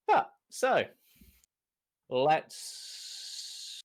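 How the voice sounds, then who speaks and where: A game master who laughs often, opening the show and narrating the recap of a tabletop game. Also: medium pitch. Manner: lively, laughs often, unhurried storytelling.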